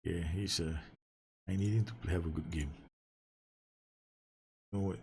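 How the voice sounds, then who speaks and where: A man's voice: sits low, fairly even intonation, moderate pace, vocal fry, darkish tone, slight background noise. A man giving casual commentary on a football management game, talking to his players, swearing and laughing as the match swings. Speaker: gaming YouTuber. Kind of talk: casual Let's Play commentary.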